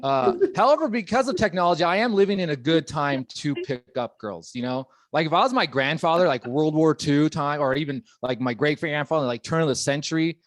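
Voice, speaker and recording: A man's voice: a little high, fairly quick, hardly any pauses, dry recording. A man in his thirties doing a stand-up comedy set, rambling and self-deprecating with lots of fillers. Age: 30s. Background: audience laughing.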